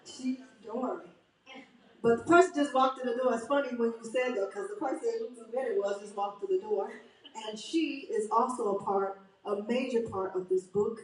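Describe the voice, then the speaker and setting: A woman's voice: a little high, moderate pace, a little mellow. A woman from Chicago, an author hosting her book launch, speaking earnestly and rousingly to the room. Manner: earnest and rousing, addresses the crowd as y'all. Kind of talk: speech at a book reception. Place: event hall at a book reception. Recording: echoey hall, mic from a distance, faint ambience.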